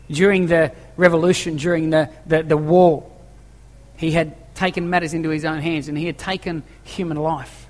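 A man's voice: a little high, steady tone, fairly quick. A man preaching a sermon to his congregation in a church hall, emphatic, repeating key phrases and asking rhetorical questions. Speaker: pastor. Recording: long echoing church reverb.

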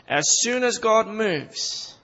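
High-voiced fervent preacher in a reverberant hall. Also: male voice, lively intonation, takes it slowly, bright, forceful tone. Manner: fervent, emphatic, repeats phrases for emphasis. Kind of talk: sermon. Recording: dull sound with long reverb in a hall.

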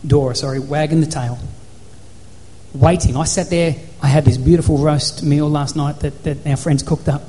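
Guy preaching at church, high voice, long echo in the hall, gets loud and repetitive. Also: fairly even intonation, normal speed. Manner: preaching, rising to shouts with repeated phrases. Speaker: pastor. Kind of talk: sermon.

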